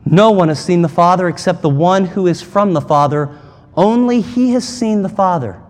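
A man's voice: sits high, normal speed. A man preaching a sermon as pastor, emphatic and conversational, with dramatic asides. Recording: long hall reverb.

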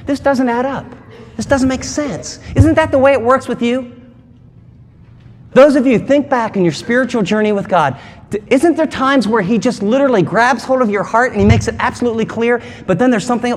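A man's voice: very high voice, a little fast. A man preaching a sermon as pastor, emphatic and conversational, with dramatic asides. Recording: long hall reverb.

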